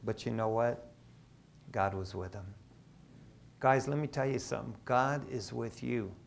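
A middle-aged man from Michigan, an associate pastor, preaching a sermon in a casual, storytelling way with lively asides. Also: medium pitch, unhurried, vocal fry. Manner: conversational, animated storytelling with asides.

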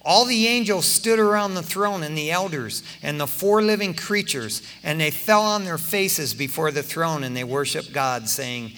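An older man preaching a sermon to his church in an animated, folksy way, dropping "man" into his sentences. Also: a little high, normal speed, few pauses. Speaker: pastor.

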